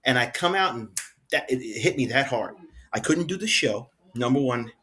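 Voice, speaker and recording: A man tells backstage stories as a podcast guest, his voice swinging widely up and down as he gets into them. He speaks at an ordinary middle pitch, laughing and slipping into the voices of the people he describes. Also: normal speed. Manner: lively, laughing, acts out quotes. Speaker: guest, former head of wrestling security. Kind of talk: animated backstage storytelling.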